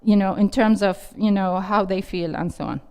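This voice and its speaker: A woman's voice: medium pitch, steady tone, normal speed, darkish tone, clean tone. A middle-aged woman teaching a parenting workshop, restating audience questions and encouraging them. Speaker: parenting instructor. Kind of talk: interactive parenting workshop talk. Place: classroom with a live audience.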